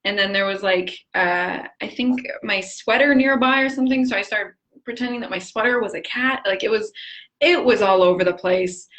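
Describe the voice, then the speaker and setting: A woman hosting a casual live-stream chat with a fellow actor, encouraging and quick to laugh. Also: medium pitch, fairly bright tone. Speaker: host. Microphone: webcam on a live stream.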